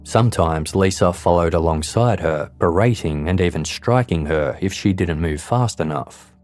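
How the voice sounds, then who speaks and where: Deep-voiced man narrating true crime. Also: moderate pace, darkish tone, soft background music. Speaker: true crime podcast host.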